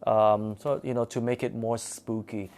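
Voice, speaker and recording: A man telling a spooky personal story in a casual, animated and dramatic way. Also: medium pitch, moderate pace.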